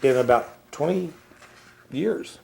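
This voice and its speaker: A man's voice: fairly high pitch, lively intonation, slow, vocal fry, a little mellow. A middle-aged man co-hosting a homebrewing show in casual, jokey chat. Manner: jokey, playful, reminiscing.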